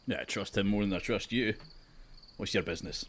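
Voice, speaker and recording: A man's voice: on the low side, a little fast, a bit bright, a little hiss or hum. A man playing in a tabletop game, trading dry, confident banter. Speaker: player.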